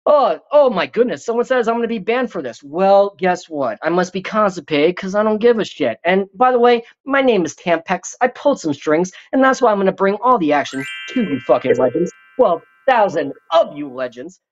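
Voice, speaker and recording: A man's voice: high voice, lively intonation, moderate pace, hardly any pauses, highs cut off. A man hosting a live stream, reading viewer comments in a profane, rambling, joking way.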